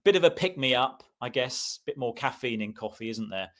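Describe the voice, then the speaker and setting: Relaxed British man in casual chat. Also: medium pitch, normal speed. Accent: British English. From Britain. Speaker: podcast co-host.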